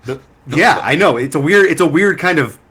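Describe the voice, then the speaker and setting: A man's voice: a little high, lively intonation, normal speed, pushed and bright, husky. Podcast co-host, male, chatty storyteller who rambles through anecdotes with frequent laughter. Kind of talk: casual chat.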